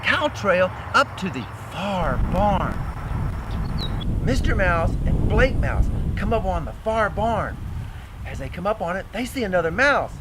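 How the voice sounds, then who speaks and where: A man narrating a children's story, talking straight to the kids in an animated way. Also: high-pitched, background noise. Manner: animated, addresses kids directly.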